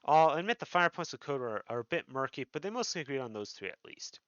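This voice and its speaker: A man's voice: mid-range voice, sing-song, quick pace, fairly bright tone, no room sound. A man voicing a sly, jovial male rogue guild master, chatting in cheery thieves' slang in a dull, dry game recording. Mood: storytelling.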